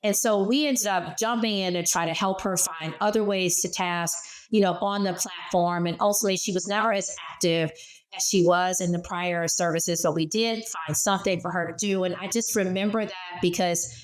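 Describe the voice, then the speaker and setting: A middle-aged woman speaking as a guest in an interview, telling lively personal stories from her working life. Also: fairly low pitch, normal speed. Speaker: guest, former startup CEO. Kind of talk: conversational interview.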